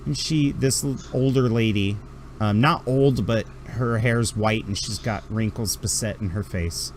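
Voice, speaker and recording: A man's voice: mid-range voice, normal speed, a little hiss or hum. A man narrating a tabletop game as game master, rambling through descriptions with fillers.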